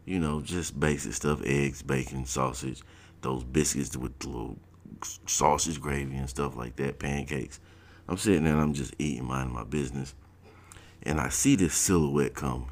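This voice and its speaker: A man from South Georgia, casually telling a personal story in a laid-back, slangy way. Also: very deep voice.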